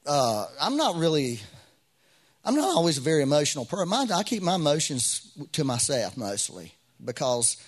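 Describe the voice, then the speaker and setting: A man's voice: on the high side, big pitch swings, moderate pace, breathy edge. A middle-aged man preaching a sermon as pastor, in a conversational way with frequent restarts and rising bursts of emphasis.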